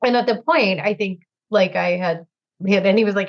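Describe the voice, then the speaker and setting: A woman guest candidly telling her recovery story, halting and full of fillers, teary at times. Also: mid-range voice, lo-fi sound. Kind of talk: emotional personal storytelling.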